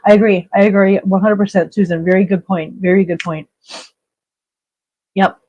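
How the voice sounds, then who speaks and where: A woman's voice: mid-range voice, steady tone, normal speed, warm tone, highs cut off. Blunt emphatic woman hosting a live chat. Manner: emphatic, repeats herself, blunt and emotional. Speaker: live stream host. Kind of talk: casual live chat reading viewer comments.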